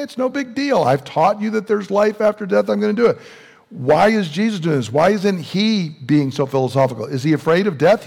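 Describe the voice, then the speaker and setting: A man from the South, preaching a sermon with earnest questions and slow, emphatic drops in his voice. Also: on the high side, a little mellow. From American South. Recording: long hall reverb.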